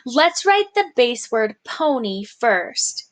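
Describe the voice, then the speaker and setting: A woman's voice: on the high side, very animated, slow pace, few pauses, no room sound. A woman teaching a phonics lesson, carefully sounding out words and encouraging the learner, sometimes whispering a word as she repeats it. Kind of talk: slow, clear phonics lesson.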